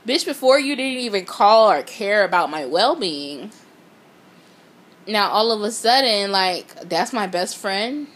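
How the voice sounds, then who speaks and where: A woman's voice: medium pitch, lively intonation, a little slow, fairly bright tone. A woman giving a blunt, profane motivational talk, speaking straight to her viewers. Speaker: motivational vlogger.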